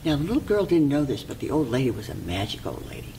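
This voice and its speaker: A library volunteer telling a fairy tale aloud in an expressive way, sometimes dropping to a soft whisper. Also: mid-range voice, quick pace, a little hiss or hum, low-quality recording.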